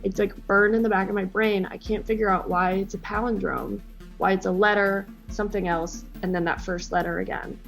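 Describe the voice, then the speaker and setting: Nervous woman in a reality show confessional, going on about a puzzle, music low behind her. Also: steady tone, fairly quick, creaky. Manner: anxious, self-critical. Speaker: reality competition contestant. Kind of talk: confessional interview.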